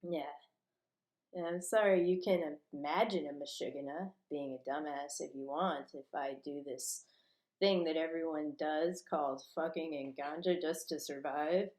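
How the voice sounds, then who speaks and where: A woman's voice: deep voice, fairly even intonation, unhurried, a little mellow. Profane rambling woman in an echoey room. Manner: profane, agitated ranting. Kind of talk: rambling monologue.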